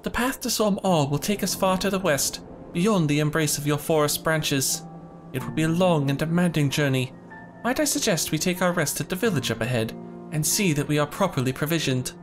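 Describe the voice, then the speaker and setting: A man's voice: a little high, animated, a little fast, over music, lightly acted. A man voicing a formal, polished young male scholar in a game cutscene. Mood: earnest.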